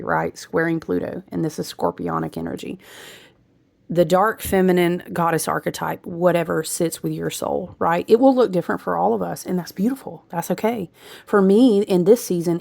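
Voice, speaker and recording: A woman's voice: fairly low pitch, gravelly, a little mellow. A woman giving a rambling, intuitive spiritual astrology reading, breaking into asides and laughs. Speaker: astrology reader.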